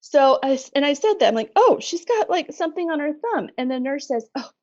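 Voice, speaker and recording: A middle-aged woman telling her story as a podcast guest, animated and laughing often. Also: sits high, fast, no room sound, dull audio. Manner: animated retelling, laughs often, acts out quoted voices. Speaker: guest, bereaved mother. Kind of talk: conversational storytelling.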